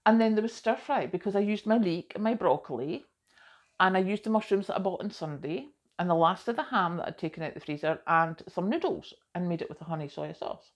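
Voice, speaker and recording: A middle-aged woman talks casually to camera with a somewhat low voice. She rambles through her day with frequent asides and gentle self-mockery. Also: lively intonation, fairly quick. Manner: chatty and rambling, self-deprecating, often says "do you know". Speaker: vlogger.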